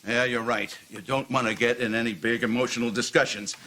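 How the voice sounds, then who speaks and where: A man's voice: medium pitch, steady tone, brisk, close to an everyday voice. An actor playing a stiff, sarcastic older father in a sitcom. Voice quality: dry, sarcastic. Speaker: groom's father. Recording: sitcom with background noise.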